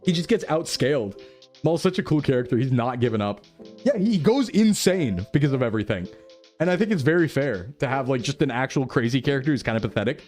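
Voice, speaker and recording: A man's voice: medium pitch, lively intonation, fast, a little mellow, faint music behind. A man live-streaming in casual chat, answering his chat as he rambles enthusiastically, full of fillers and laughs. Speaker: VTuber streamer.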